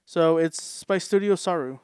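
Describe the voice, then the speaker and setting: A man's voice: fairly high pitch, a little slow, a little mellow, clean tone, no echo, clean studio sound. Curious man asking questions on a podcast. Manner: curious, asks questions, laughs often. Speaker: podcast co-host. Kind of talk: casual chat about anime news.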